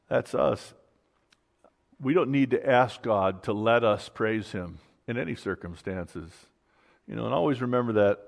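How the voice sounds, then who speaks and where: A man's voice: on the low side, creaky. A man preaching a sermon in a conversational way, often restarting and saying "you know". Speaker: pastor.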